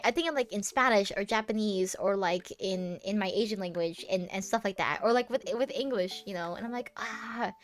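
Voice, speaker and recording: Young american girl streaming, rambly and playful, kinda high voice, soft music behind. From United States. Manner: rambling, playful, many restarts and laughs. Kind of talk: casual live-stream chat.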